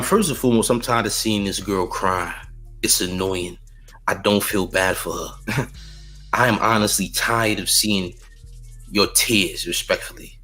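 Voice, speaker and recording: A man delivers celebrity news commentary in a deep, low register with a forceful, bright tone. His voice carries a husky roughness, and he talks bluntly and emphatically, hammering his points home. Faint music plays underneath. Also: rough recording. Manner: blunt, emphatic, repeats slang tags. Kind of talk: opinionated commentary.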